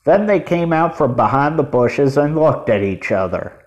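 A man reading a children's storybook aloud as narrator, in a measured way. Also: on the high side, lively intonation, darkish tone, muffled recording. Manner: measured, deliberate.

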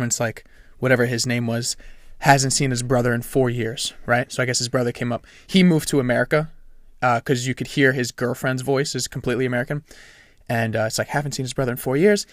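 A young man co-hosting a podcast in casual chat, telling an animated story and laughing at himself. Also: medium pitch, no room sound, studio quality. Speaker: podcast co-host.

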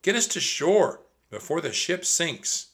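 A man reading a storybook aloud and voicing a brave, eager young girl in an excited, raised voice. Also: a little high, a little slow, pitched above the performer's own voice.

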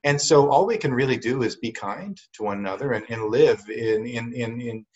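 A man's voice: mid-range voice, moderate pace. A man co-hosting a podcast, telling a story in an earnest, reflective way. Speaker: podcast co-host. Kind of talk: casual conversation, storytelling. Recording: dull lo-fi sound.

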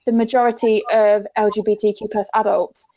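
A woman's voice: medium pitch, level tone, fairly quick, dark tone, a little hiss or hum, poor audio. A woman hosting an interview, thoughtful and conversational, using tag questions. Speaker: interviewer host.

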